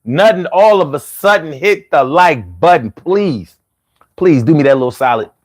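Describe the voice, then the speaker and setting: A man's voice: fairly high pitch, normal speed. A man with a Philadelphia accent hosting a casual live stream, talking loosely and drawing his words out when he jokes. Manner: loose and animated, drawls words out when joking.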